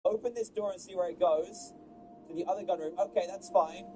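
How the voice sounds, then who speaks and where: A man giving Let's Play commentary as a gaming streamer, excitable and exasperated at the game's glitches. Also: high voice, brisk, noisy background.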